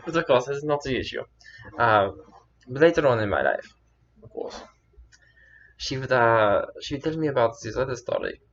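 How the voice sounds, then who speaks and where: Rambling, halting man vlogging. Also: mid-range voice, very animated, fairly bright tone, lo-fi sound, a little hiss or hum. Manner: rambling and halting, many fillers and restarts. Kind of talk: casual storytelling to camera.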